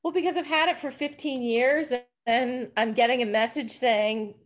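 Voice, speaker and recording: A woman's voice: on the high side, fairly even intonation, normal speed. A woman in casual conversation, rambling animatedly and acting out inner voices as she explains a feeling. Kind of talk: casual spiritual chat.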